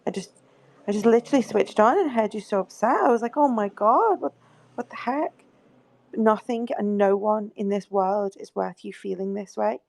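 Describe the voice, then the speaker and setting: A woman with a gravelly, fry-edged voice, calming someone down in a casual chat. She speaks in a soothing, reassuring way and swears freely. The sound is close and dry. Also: medium pitch, brisk, no room sound. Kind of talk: casual live group chat.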